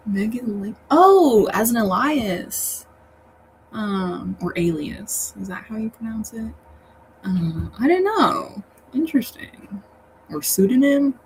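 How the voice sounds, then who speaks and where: Woman streamer, casual and rambling, easygoing slow pace, faint fan hum behind. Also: on the high side, sing-song, poor audio. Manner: chatty, rambling, laughs often. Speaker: livestream host reading chat. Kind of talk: casual livestream chat.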